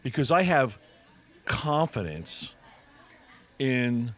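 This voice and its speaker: A man's voice: mid-range voice, big pitch swings, drawn-out words. A man co-hosting a casual podcast chat, thinking aloud in a reflective way with frequent restarts. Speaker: podcast co-host.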